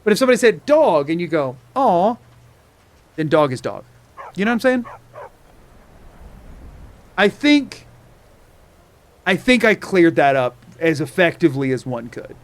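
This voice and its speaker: A man's voice: fairly high pitch, sing-song, normal speed, pauses often. A man streaming a game, chatting casually to viewers in a playful, rambling way full of repetitive wordplay. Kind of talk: casual live-stream chat.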